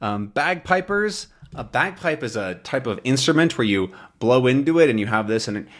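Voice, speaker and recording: A man hosting a lesson, reading a comic with beginner English learners and explaining words slowly and plainly. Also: medium pitch, expressive. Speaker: English teacher, channel host.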